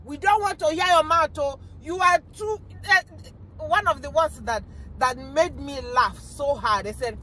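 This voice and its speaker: A woman's voice: sits high, a little slow, pushed and bright, slight background noise. A young Nigerian woman chatting in a casual vlog from inside her car while driving, exclaiming often and slipping into pidgin. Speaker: vlogger. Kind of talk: casual commentary.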